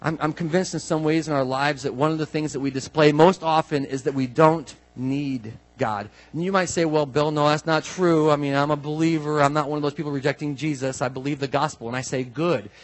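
A man, a pastor, preaching a conversational sermon, asking his listeners questions and building to emphatic, drawn-out declarations. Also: fairly high pitch, rough recording. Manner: conversational, asks the congregation questions.

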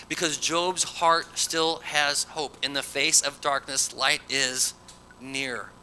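Male preacher, very bright and sharp voice, casual and emphatic, reads verses aloud. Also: medium pitch, normal speed, slight background noise, low-quality recording. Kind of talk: sermon with scripture reading.

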